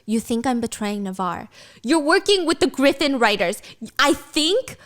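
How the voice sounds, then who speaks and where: A woman's voice: high voice, big pitch swings, measured pace, a bit bright, full character voice. A woman voicing a fierce young woman rider who snaps back in a raised, swearing voice. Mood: furious.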